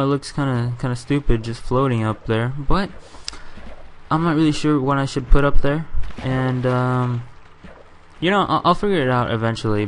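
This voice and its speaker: A man's voice: medium pitch, slight background noise. A young man in casual game commentary, giving a walkthrough of his build and rambling, self-correcting and swearing now and then. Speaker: gaming channel host.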